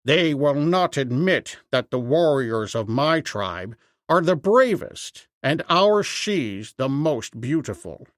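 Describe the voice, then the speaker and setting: A boastful tribal warrior man, quick to bristle, with a lively rising and falling voice, as a male narrator reads him in a storybook. The delivery is slow and close, with no room sound. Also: medium pitch, dry recording. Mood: grudging.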